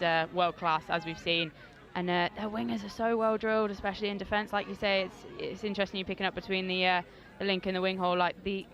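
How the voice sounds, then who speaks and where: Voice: medium pitch, fairly bright tone, highs cut off. A co-commentator and former player giving chatty, hesitant analysis at an outdoor sports ground. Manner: chatty, hesitant with fillers, laughs easily.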